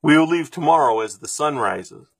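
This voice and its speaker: Storybook: man voicing a dignified father, husky and plain. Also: fairly high pitch, expressive, normal speed, fairly bright tone, dry recording, pitched above the performer's own voice, heavily acted. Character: proud gentle father, Mufaro.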